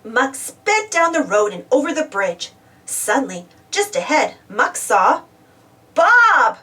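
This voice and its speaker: A woman gently reading a children's storybook aloud as a storyteller. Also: fairly high pitch, sing-song, measured pace, far from the mic.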